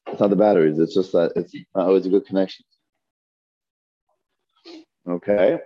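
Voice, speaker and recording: A man teaching Hebrew reading, sounding out words slowly and patiently and repeating them. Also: low voice, fairly even intonation. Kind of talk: slow, patient reading lesson. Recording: dull lo-fi dry recording.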